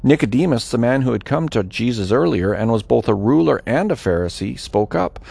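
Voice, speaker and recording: A man reads scripture aloud with dramatic, varied phrasing. His voice has a gravelly edge. His pitch moves freely through each sentence. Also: expressive, a little fast, few pauses, darkish tone, dry recording. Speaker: scripture reader. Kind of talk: expressive scripture reading.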